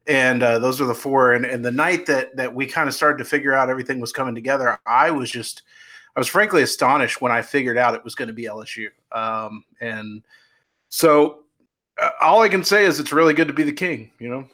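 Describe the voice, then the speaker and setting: A man with a bright, forward voice chats as a guest reporter. His talk is loose and hedging, with plenty of "you know"s and restarts. He keeps a mid-range pitch throughout. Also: a little fast. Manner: chatty, hedging with many fillers and restarts. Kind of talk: casual podcast chat.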